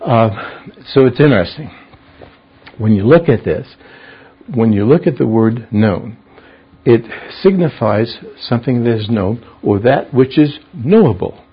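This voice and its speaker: Speaking at a measured pace, this husky, medium-pitched man sounds animated as he goes through the Bible verse by verse. He unpacks word meanings and poses questions to the class, captured in a dull, lo-fi recording.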